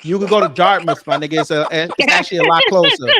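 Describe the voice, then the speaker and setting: A man hosting a casual comedic talk show, loud and joking, teasing his co-host. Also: sits high, huge pitch swings, fast talker, background noise. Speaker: podcast host.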